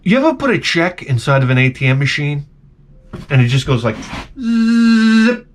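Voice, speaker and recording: A man's voice: mid-range voice, big pitch swings, a little fast. A man telling a rambling, profane story in a casual comedic rant to his vlog audience. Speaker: vlogger.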